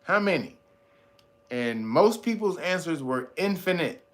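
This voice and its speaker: Lively, high-pitched man talking to his chat. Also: unhurried. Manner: animated and profane, laughs often, talks to viewers as y'all. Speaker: host. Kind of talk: casual livestream commentary, reading chat.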